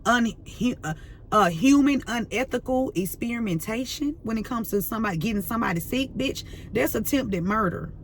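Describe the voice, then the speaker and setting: A woman's voice: fairly high pitch, expressive, moderate pace, slight background noise. A woman tarot reader ranting to camera, fiery and profane, full of slang and repeating herself as she vents. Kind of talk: heated unscripted rant to camera.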